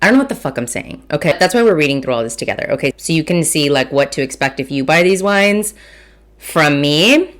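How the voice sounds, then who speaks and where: Animated and brisk, with a low-pitched, fairly bright voice, a Texas woman in her 30s from Mission hosts a casual food and wine podcast. She eats and tastes as she talks, chatty and self-mocking, swearing with abandon.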